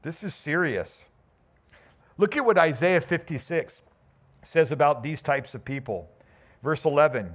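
Animated male pastor preaching. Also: a little high, a little slow, long pauses, highs cut off. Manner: animated, emphatic preaching with restarts. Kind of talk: sermon.

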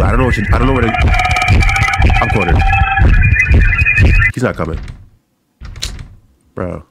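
A man's voice: on the low side, moderate pace, long pauses, over loud music. A young man giving let's play commentary on a horror game, jumpy and swearing, repeating his phrases over and over as he panics and jokes. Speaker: gaming YouTuber.

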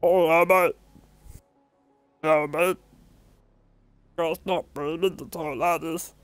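A man casually commentating his racing game, swearing constantly and bursting into excited outbursts. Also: on the high side, slow, dry recording. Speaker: gameplay commentator.

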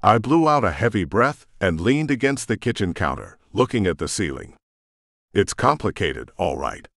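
A man narrating a first-person audiobook in a gruff, brooding way. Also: on the low side, big pitch swings, moderate pace, a bit bright, no room sound, studio quality.

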